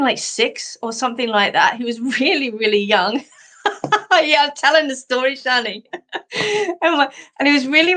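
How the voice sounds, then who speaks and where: Chatty Australian woman, higher voice. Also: pushed and bright. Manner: chatty, rambling storyteller who laughs often. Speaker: psychic medium hosting a live stream. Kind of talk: casual live-stream chat.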